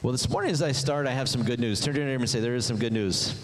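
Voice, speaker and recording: A man preaching a sermon as pastor, animated, jumping his pitch up high to act out voices. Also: brisk, few pauses. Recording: long hall reverb.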